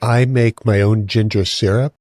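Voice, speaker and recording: A man's voice: fairly low pitch, fairly even intonation, normal speed, a little mellow, no echo, clean studio sound. A man hosting a podcast, easygoing and encouraging as he asks his guest follow-up questions. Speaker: podcast host. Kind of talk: casual podcast interview.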